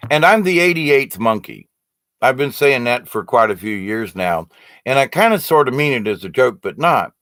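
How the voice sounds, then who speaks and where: A man talks in a loose, earnest ramble, stopping and restarting his sentences with plenty of ums and uhs. His voice sits at an ordinary middle pitch. The sound is close and dry, with no room around it. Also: a bit bright, no echo. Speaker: livestream host reading viewer comments. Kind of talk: casual spiritual chat.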